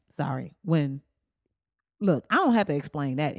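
A woman hosts a comedy podcast alone, speaking. She is blunt and profane and keeps jumping into high, animated exclamations. Her voice is dry and close to the mic, with no room sound. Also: normal speed, dry recording. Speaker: podcast host.

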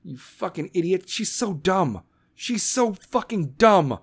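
A man hosting a podcast, ranting angrily and swearing constantly, with shouted bursts, then reading sponsor ads in the same blunt, profane way. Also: sits high, very animated, takes it slowly, breathy edge. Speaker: podcast host. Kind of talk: profane political rant and ad read.

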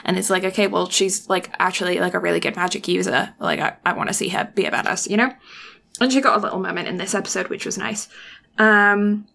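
A woman's voice: mid-range voice, steady tone, quick pace, creaky, bright, forceful tone. A woman in casual chat, retelling an episode at length with many ums and restarts.

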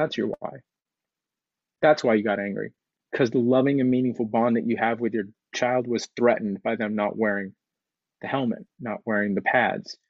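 A man's voice: lowish voice, no room sound, muffled recording. A man giving an earnest motivational talk about changing his habits, speaking conversationally and repeating phrases for emphasis. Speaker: speaker sharing recovery story.

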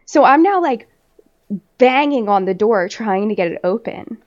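Sex: woman. Role: podcast host. Style: casual storytelling, laughing and swearing, rambling with fillers. Pitch: somewhat high. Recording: dull lo-fi audio. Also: animated, measured pace. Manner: laughs often while telling.

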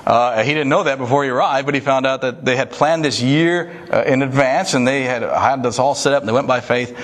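A man's voice: medium pitch, brisk, a bit bright. A man preaching a sermon, telling a story in an easy, conversational way with many small restarts and fillers. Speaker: pastor.

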